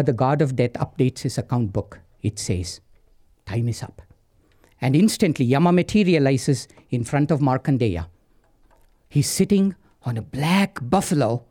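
A man's voice: mid-range voice, mellow. A man telling a story dramatically, dropping to whispers and speaking to the listener.

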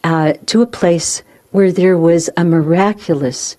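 Woman, lowish voice, expressive storyteller, laughs through her talk, spiritual speaker. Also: measured pace. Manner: expressive, laughing often while she tells it. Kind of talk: personal storytelling talk to a live group.

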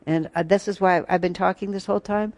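A woman's voice: mid-range voice, steady tone, fast talker, darkish tone. A woman teaching a retreat class, telling stories and breaking into snatches of song. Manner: storytelling, breaks into sung snatches and laughs. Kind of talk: spiritual class talk.

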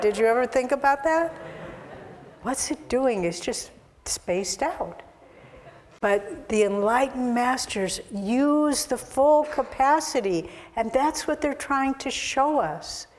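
A woman spiritual teacher giving an earnest, exhortative sermon, recorded with long hall reverb. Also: a little high.

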